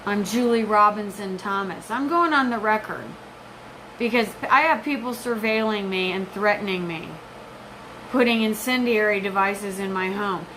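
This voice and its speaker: A woman's voice: mid-range voice, moderate pace, bright, forceful tone, a little hiss or hum, rough recording. A woman in her forties giving an intense, rambling, profane personal monologue. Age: 40s. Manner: intense, rambling, profane, jumps between topics.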